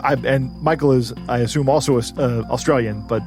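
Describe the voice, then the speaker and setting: A man's voice: medium pitch, steady tone, brisk, over music. Wry, chuckling man co-hosting a podcast. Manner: chatty and wry, chuckling at his own jokes. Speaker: podcast co-host. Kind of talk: casual podcast chat.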